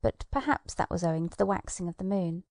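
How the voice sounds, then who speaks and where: A woman reading a children's storybook aloud, narrating gently with soft whispered asides. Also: on the low side, animated, fast, no echo, studio quality. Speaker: audiobook narrator.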